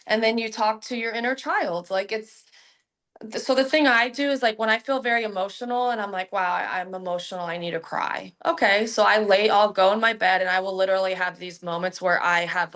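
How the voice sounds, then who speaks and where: A young adult woman, a hypnotherapist, talking about healing in a casual, animated, slangy way. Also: mid-range voice, moderate pace. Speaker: guest hypnotherapist. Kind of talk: casual podcast chat.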